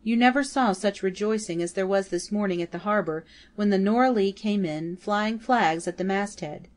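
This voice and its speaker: A woman reading the lines of an excited man who brings news from the harbour, trembling and rushed. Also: mid-range voice, natural voice.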